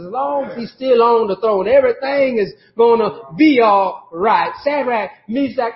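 A man preaching a sermon in a conversational style, pausing for call-outs from the congregation. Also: extremely high pitch. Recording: roomy, dull lo-fi sermon audio.

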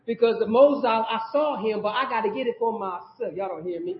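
High-voiced preacher in an echoey church. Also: male voice, brisk. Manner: preaching with call-and-response asides to the congregation; repetitive, emphatic phrasing. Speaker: pastor. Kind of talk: sermon. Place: church sanctuary. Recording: echoey church sound, dull audio.

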